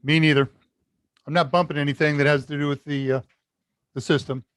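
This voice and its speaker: Guy doing a live tech q&a stream, kinda high voice, rambly and chatty, dry close mic that gets loud and soft. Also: level tone, brisk, no room sound. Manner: rambling, chatty, talks to chat while working. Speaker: tech instructor hosting a live Q&A. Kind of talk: casual live-stream teaching. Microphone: desk mic at a computer, level jumps as he leans away.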